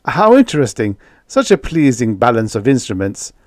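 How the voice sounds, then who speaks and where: A man voicing a fussy, pompous male diplomat who gushes and flusters in a high, excitable voice. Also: moderate pace, no room sound, studio quality, lightly acted. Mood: gushing. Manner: high-strung, gushing and flustered.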